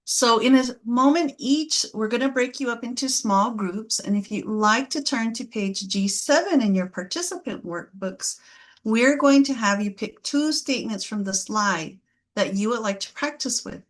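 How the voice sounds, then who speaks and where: A woman's voice: fairly high pitch, expressive, normal speed. A woman facilitating a parenting class, leading the group with encouraging, upbeat praise.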